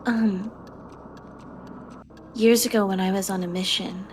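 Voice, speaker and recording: A woman's voice: mid-range voice, steady tone, unhurried, a little hiss or hum. A woman playing a tabletop horror game, talking casually and thinking aloud. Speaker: player.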